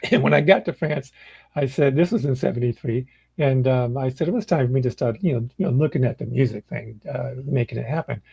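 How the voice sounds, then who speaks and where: An older blues musician with a mid-range, creaky voice and a breathy edge talks fairly quickly in an indoor room, with no echo and low recording quality. In a casual chat he tells stories at an easy pace, relaxed as he acts out what other people said.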